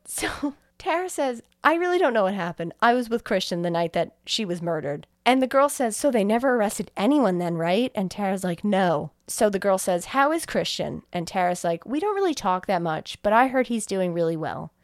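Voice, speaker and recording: Young woman, podcast co-host, animated plot recap, swears, dry close sound. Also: medium pitch, moderate pace, few pauses, no echo. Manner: animated storytelling, acting out quotes, swears freely. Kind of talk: casual chat, retelling a movie plot.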